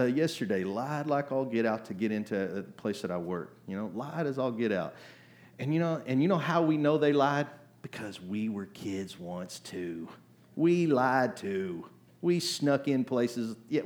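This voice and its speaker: A man preaching a sermon in a conversational way, acting out voices and asking "right?" often, climbing to loud emphatic bursts. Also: on the high side. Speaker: pastor.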